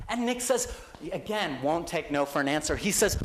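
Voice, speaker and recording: A young man, a guest lecturer, telling a story to a university class with lively quoted voices. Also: a little high, normal speed, slight background noise, poor audio. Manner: animated anecdote with quoted voices. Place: lecture hall.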